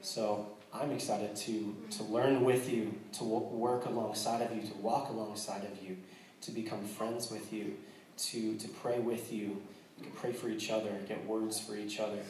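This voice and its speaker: A man's voice: fairly low pitch, flat delivery, moderate pace, darkish tone, very echoey, far from the mic, slight background noise, low-quality recording. An American man, a missionary, talking earnestly with a congregation, joking in between and restarting his sentences often. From United States. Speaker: missionary speaking to a church. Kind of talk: casual testimony to a congregation.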